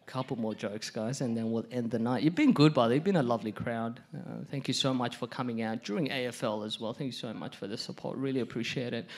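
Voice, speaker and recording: A young man, performing lively stand-up storytelling on a theatre stage. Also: mid-range voice, fast, hardly any pauses. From Perth, Australia. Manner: animated, chatty storytelling. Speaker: stand-up comedian. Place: theatre stage before a live audience.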